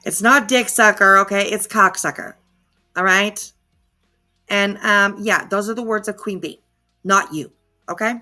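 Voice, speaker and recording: Sarcastic woman with a bright, sharp voice. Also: medium pitch, measured pace, soft background music. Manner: sarcastic, opinionated. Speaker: commentary channel host. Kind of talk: reaction commentary.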